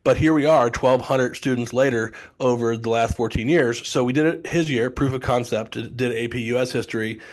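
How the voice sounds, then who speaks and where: A middle-aged man, a test prep company founder, telling long stories with quick asides and restarts in a casual podcast interview. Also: mid-range voice. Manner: chatty storyteller, many restarts and asides.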